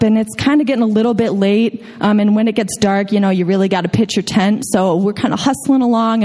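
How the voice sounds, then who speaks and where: A woman's voice: medium pitch, a little mellow. Chatty young woman telling a story in a hall. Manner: casual and chatty, full of "like" fillers. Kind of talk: live storytelling to an audience.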